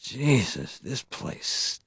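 A man reading the part of a fearful, complaining mill worker who talks in rough, doleful speech. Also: medium pitch, sing-song, extremely slow, a bit bright, no room sound, clean studio sound, full character voice. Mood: miserable.

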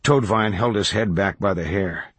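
A man reading a novel aloud as audiobook narrator, in measured, even storytelling. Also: low voice, slightly rough, no echo. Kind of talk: scripted narration.

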